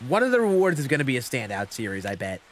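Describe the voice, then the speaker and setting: A man's voice: medium pitch, wildly swooping pitch, fast. A young man chatting casually on a live game stream, rambling with lots of fillers as he answers chat.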